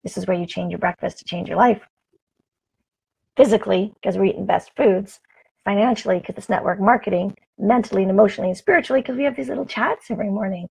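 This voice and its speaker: Chatty upbeat woman on a live morning cam vid, super raspy gravelly voice. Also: medium pitch, quick pace, poor audio. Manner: upbeat, chatty, laughs often, greets viewers by name. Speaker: motivational vlogger. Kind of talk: casual live morning talk to camera. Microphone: camera mic, talking straight to camera.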